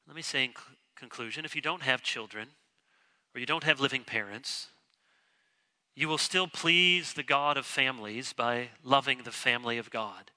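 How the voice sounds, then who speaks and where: A man preaching a sermon as pastor, emphatic and lively, acting out short quoted lines to his congregation. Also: medium pitch, normal speed. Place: church sanctuary.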